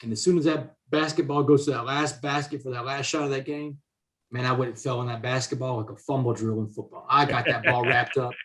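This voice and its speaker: This podcast guest, an author and speaker from Southeast Texas, USA, has a mid-range, fairly bright voice with brisk, fairly even intonation. He tells a story casually and animatedly, dropping "man" into nearly every sentence.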